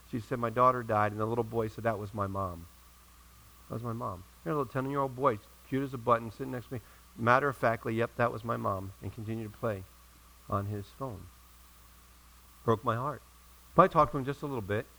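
A male pastor preaching a sermon in a church, telling a story and rising to loud emphatic peaks before dropping to quiet asides. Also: medium pitch, poor audio.

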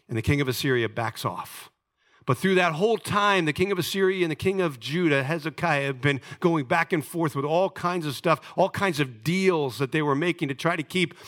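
Bright, lively-voiced male preacher. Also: high-pitched. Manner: dramatic storytelling, swings between loud emphasis and hushed asides. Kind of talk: sermon.

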